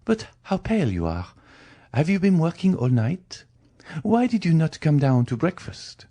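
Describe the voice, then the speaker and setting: A man voicing a calm, elegant society wife who asks question after question. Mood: anxious questioning. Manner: raised pitch, rapid questions. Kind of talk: audiobook character reading.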